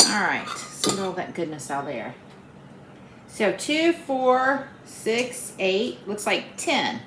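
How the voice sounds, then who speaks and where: A woman's voice: medium pitch, big pitch swings, takes it slowly. Friendly Appalachian woman, home cooking host, chatty and upbeat, echoey kitchen. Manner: chatty, homey and upbeat, talking to viewers as friends. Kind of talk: casual cooking vlog. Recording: roomy kitchen with faint background hum.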